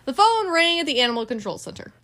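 A mother reading a bedtime storybook aloud to her child in an expressive, lively way. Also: sits high, fast.

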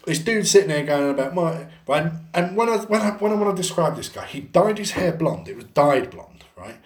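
A man's voice: on the high side, sing-song, a little fast, echoey room. A young adult Englishman co-hosting a podcast, swearing a lot and telling a story animatedly. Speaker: podcast co-host. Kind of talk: casual storytelling chat.

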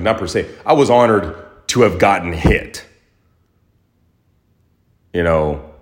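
A man with a low, deep voice tells a personal story on his podcast in a loose, casual monologue. He rambles, restarts and leans on fillers, and he gets animated when he acts out the action. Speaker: podcast host.

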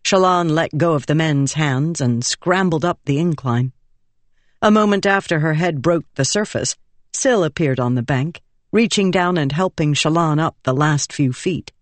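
A woman reading a fantasy audiobook in measured, expressive narration. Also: low-pitched, no echo.

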